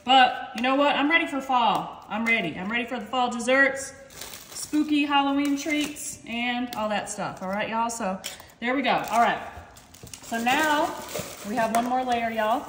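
A woman's voice: a little high, measured pace, a bit bright. A woman hosting a casual cooking demo in a home kitchen, chatting to viewers and calling them y'all. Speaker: cooking channel host. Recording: echoey kitchen with faint noise.

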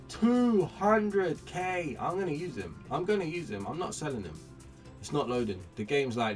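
A man commentating his own video game pack openings, chatty and excitable, greeting each new card like a friend. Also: a little high, normal speed, recorded from a distance, faint music behind. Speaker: gaming YouTuber.

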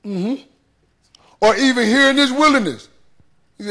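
High, gravelly middle-aged preacher. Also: male voice, lively intonation, moderate pace. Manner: preaching with call-and-response rhythm, shifting between hushed and rising. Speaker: pastor. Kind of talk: sermon. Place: church sanctuary.

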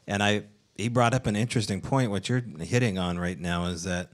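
A man's voice: on the low side, fairly quick. A man hosting a live podcast interview, asking questions in a joking, skeptical way and laughing often. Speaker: podcast host. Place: live event in a castle venue.

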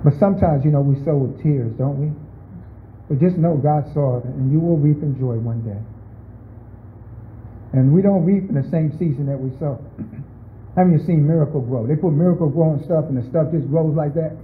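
Man preaching, high voice, calls on listeners by name, asks the room questions, tinny phone-like sound. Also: moderate pace, a little hiss or hum. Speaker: pastor. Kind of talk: conversational sermon.

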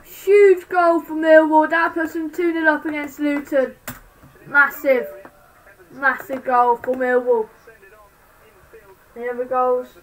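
A woman streaming live fan commentary on a football match, excitable, swinging between shouting and muttering. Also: sits high, takes it slowly, long pauses, far from the mic, poor audio.

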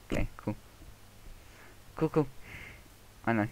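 A man's voice: on the low side, no echo. A man narrating his own gameplay, muttering to himself and swearing through a muffled headset microphone. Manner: mumbling to himself, swearing, quick outbursts. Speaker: Let's Play gamer. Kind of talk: casual gameplay commentary. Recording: muffled headset audio, faint noise.

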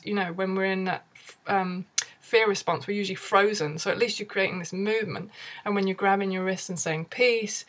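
Gentle woman teaching tapping. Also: medium pitch. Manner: gentle, reflective, with soft laughs and fillers. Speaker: tapping therapy practitioner. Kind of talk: teaching talk to camera.

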